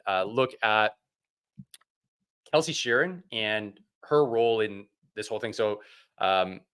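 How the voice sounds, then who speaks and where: A man hosting a casual livestream chat, animated and sarcastic as he rants. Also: medium pitch, smooth. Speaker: host.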